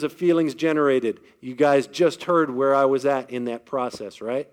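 A man's voice: medium pitch, fairly even intonation, normal speed, clear, resonant tone. A man giving a faith-based motivational talk to a live audience, speaking emphatically and often putting questions to the crowd.

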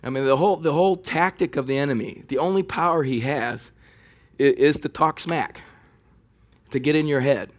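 A man preaching a sermon in a conversational way, building to animated emphasis. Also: a little high, moderate pace. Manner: conversational preaching, animated when mocking enemy taunts. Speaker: pastor.

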